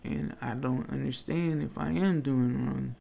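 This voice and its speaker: A man's voice: mid-range voice, fairly even intonation, measured pace, creaky, warm tone. A man being interviewed, telling personal stories in an earnest, rambling way that turns to pleading.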